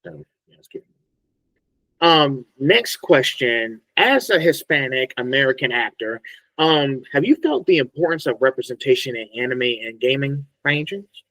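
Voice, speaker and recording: A man hosting an interview, reading out questions slowly and hesitantly, with ums. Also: medium pitch, animated, a bit bright, dry recording, rough recording. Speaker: podcast host.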